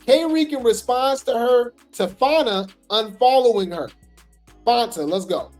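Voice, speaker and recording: A woman's voice: a little high, a little slow, darkish tone, soft background music. A woman hosting casual gossip commentary, chatty and sassy, talking straight to her viewers.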